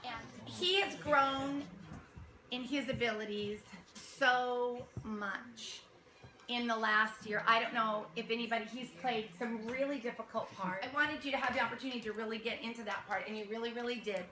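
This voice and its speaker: Woman, theater director, high voice, chatty praise with fillers, echoey noisy room. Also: fairly even intonation, moderate pace. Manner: warm praise, laughing, meandering with fillers. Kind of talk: casual speech to cast.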